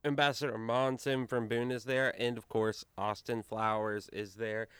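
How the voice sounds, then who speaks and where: A man running a tabletop game as game master, narrating in a relaxed, meandering way. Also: medium pitch, normal speed, smooth, no echo.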